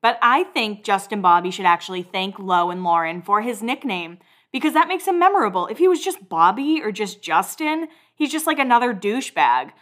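A woman's voice: mid-range voice, very animated, brisk, fairly bright tone. A woman hosting a podcast, recapping a reality show in a casual, gossipy way, swearing freely. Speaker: podcast host.

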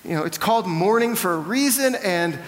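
A man's voice: high voice, lively intonation, fairly quick, long reverb tail, very noisy. A young man from the South, preaching a sermon in a church and telling candid, self-deprecating stories. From American South. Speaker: pastor. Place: church hall.

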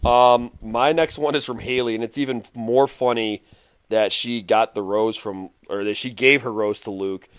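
A man's voice: mid-range voice, steady tone, normal speed, clean tone. A man co-hosting a casual podcast chat, amused and laughing as he reads out quotes. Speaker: podcast co-host.

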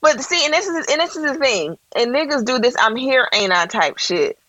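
A woman's voice: high-pitched, sing-song, brisk, a bit bright, no room sound, dull audio. A woman co-hosting a casual chat, blunt and profane in her opinions. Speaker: podcast co-host.

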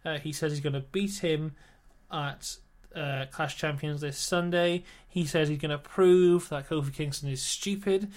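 A man's voice: on the high side, fairly even intonation, unhurried. A man co-hosting a casual wrestling podcast, recapping matches bluntly and joking with his co-host. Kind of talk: casual chat.

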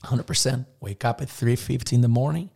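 A man's voice: medium pitch, a little fast, gravelly, warm tone, slightly rough. A man guest on a casual podcast, effusive and encouraging, rattling off lists in slightly non-native English phrasing. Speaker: podcast guest, business owner.

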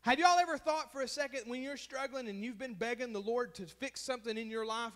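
High-voiced man preaching with fervor. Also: a little fast, fairly bright tone. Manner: impassioned preaching with call-outs to the congregation; repeats phrases for emphasis. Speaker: pastor. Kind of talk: sermon.

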